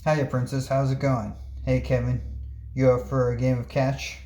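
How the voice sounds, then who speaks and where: A man reads a comic book aloud in an unhurried, plain manner, voicing each character without much change. His mid-pitched voice stays flat and even throughout. The room around him gives a noticeable echo. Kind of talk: reading a comic aloud, voicing all parts.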